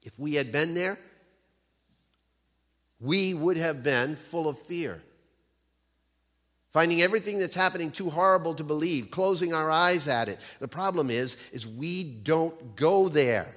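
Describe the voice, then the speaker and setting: A man's voice: a little high, unhurried, pauses often, sharp tone, long reverb tail. A man preaching a sermon in a church, telling a story dramatically and stressing key words.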